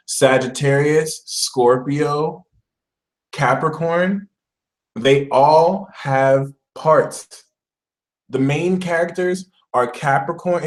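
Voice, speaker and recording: A man, an astrologer, talking in a casual vlog with animated, comic storytelling. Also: on the high side, rough recording.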